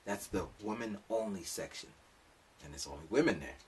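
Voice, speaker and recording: A man's voice: fairly low pitch, animated, normal speed, recorded from a distance, a little hiss or hum. A man telling a rambling, comic story in a casual monologue, full of asides. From lives in Japan.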